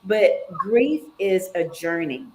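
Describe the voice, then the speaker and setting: Lower-voiced woman talk show host. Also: animated, slow pace. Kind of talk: live talk show conversation.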